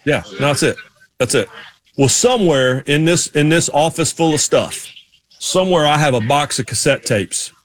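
A man's voice: on the high side, animated, normal speed, a little hiss or hum. Chatty Southern man hosting a talk show. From North Carolina. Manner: chatty, rambling, laughing along. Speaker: show host. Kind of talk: casual chat.

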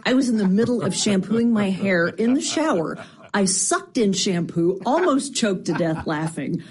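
Husky woman gushing in a voicemail. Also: medium pitch, normal speed. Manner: gushing, excited storytelling. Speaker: caller leaving a voice message. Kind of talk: recorded listener voicemail.

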